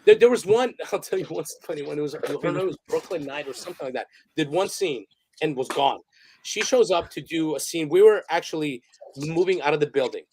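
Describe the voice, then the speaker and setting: A man's voice: on the high side, a little fast, a little mellow, a little hiss or hum. A man guesting on an interview podcast, telling rambling, profane stories and laughing as he goes. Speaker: interview guest, photographer and director. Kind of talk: casual storytelling interview.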